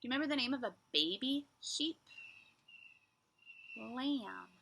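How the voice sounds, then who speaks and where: A woman teacher leading a children's lesson, speaking slowly and patiently as she asks young children simple riddles. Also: on the high side, animated, vocal fry, pushed and bright, slightly rough.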